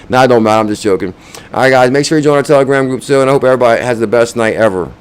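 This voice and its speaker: Smooth-voiced casual male crypto host. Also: medium pitch, steady tone, fast. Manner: loose, chatty, reads viewer names and counts aloud. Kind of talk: casual livestream chat.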